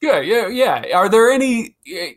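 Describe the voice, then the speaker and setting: A man hosting a casual podcast chat, asking questions and telling a story in a relaxed way. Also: very high-pitched. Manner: relaxed storytelling, quick agreeing interjections. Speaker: podcast host.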